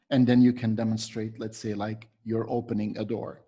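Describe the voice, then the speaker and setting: A man's voice: fairly low pitch, flat delivery, normal speed, warm tone. A man training teachers, patiently explaining a classroom method step by step and demonstrating words aloud.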